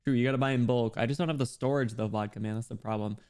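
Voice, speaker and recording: A man's voice: mid-range voice, steady tone, very fast, darkish tone, clear, resonant tone. A young man chatting casually with his chat while streaming a game, laughing often and reading messages aloud.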